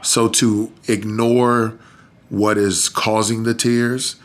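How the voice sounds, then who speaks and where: Deep-voiced man telling a tearful story. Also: flat delivery, slow pace. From Texas. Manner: earnest, voice catching with tears. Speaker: podcast guest, rapper. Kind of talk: emotional personal storytelling.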